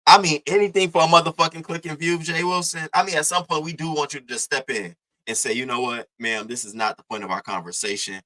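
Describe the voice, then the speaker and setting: Animated, profane man doing drama commentary. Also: quick pace, hardly any pauses, poor audio. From Baltimore. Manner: profane, animated, reenacts others in pitched-up voices. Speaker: commentary livestreamer.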